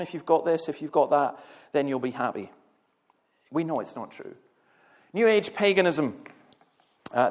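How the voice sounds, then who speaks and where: A middle-aged Scottish man, a minister giving a blunt, passionate talk to a church gathering, with wry humour and stories. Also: fairly high pitch. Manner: passionate, blunt, humorous storytelling.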